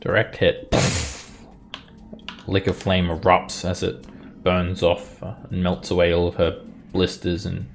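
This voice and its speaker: Man, dungeon master, low gravelly voice, soft music behind. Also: a little slow. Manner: relaxed, many fillers while narrating. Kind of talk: narrating a tabletop game.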